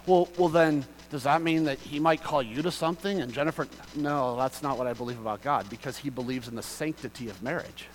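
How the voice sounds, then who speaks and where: A man preaching a sermon as pastor, reading scripture aloud and explaining it, moving from quiet reading to loud, passionate emphasis. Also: medium pitch, fairly quick, hardly any pauses, rough recording.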